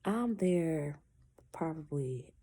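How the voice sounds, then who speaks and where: A woman's voice: low-pitched, animated, very slow, warm tone, slightly rough. A woman telling a personal story casually, acting out the people she quotes and stopping now and then to say she is in pain.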